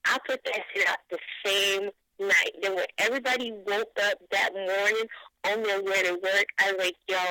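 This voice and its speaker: A middle-aged woman, a radio show guest, telling profane, animated stories in a casual interview. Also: mid-range voice, no room sound, rough recording.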